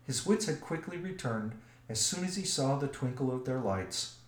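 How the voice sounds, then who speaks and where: Man, storybook narrator, measured, expressive, roomy echo. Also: mid-range voice. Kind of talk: storybook reading.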